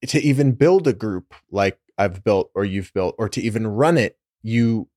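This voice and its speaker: Low-voiced man hosting a podcast. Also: lively intonation, normal speed, darkish tone, no echo, studio quality. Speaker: podcast host. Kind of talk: podcast conversation.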